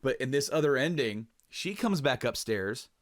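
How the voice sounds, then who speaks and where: A young man chatting casually on a podcast, his pitch sitting in an ordinary middle range. He rambles through stories with plenty of fillers and restarts, curses freely, and jumps up in pitch whenever he acts out what someone said. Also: animated, moderate pace. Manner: acts out quoted lines in a raised voice. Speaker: podcast co-host. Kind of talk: casual chat.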